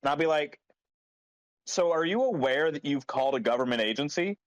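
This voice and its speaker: A man's voice: a little high, expressive, brisk, no echo, low-quality recording. A man chatting casually before a tabletop game, making wry, dry remarks. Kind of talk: casual pre-game banter.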